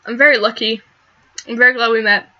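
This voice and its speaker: Girl reading as shy soft teen boy in a game, kinda high voice. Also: steady tone, fairly quick, dull audio, natural voice. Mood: sincere. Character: shy, gentle teenage boy, Luke.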